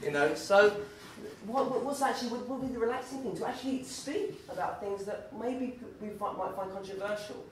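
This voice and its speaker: A man giving an informal, animated talk full of anecdotes and fillers, in a university lecture room. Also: sits high, a little fast, a little hiss or hum. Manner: animated, acts out voices in the stories, many fillers. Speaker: guest speaker at a campus talk. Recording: very echoey room, distant mic.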